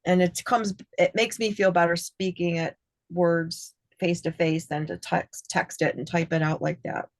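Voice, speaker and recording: A woman talking earnestly and at length in a casual group session, her voice a touch low for a woman. She rambles a little and acts out remembered dialogue. The sound is dry and close. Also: flat delivery, moderate pace, no room sound. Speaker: workshop participant. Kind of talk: casual heartfelt sharing.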